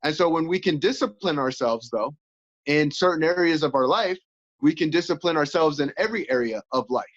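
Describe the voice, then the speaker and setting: A man, a coach and former fighter, chatting as an interview guest in an animated way, acting out inner voices. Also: a little high, a little fast. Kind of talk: casual interview chat. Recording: dull lo-fi audio.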